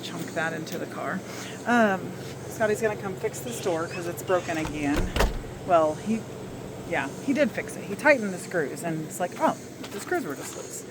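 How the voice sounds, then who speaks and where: A chatty woman with a Southern US accent rambles to the camera in her vlog, her voice sitting a little low. The phone audio is noisy, with clear hiss and rumble around her. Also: normal speed. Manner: rambling, chatty, with small laughs. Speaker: vlogger. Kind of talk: casual chat to camera.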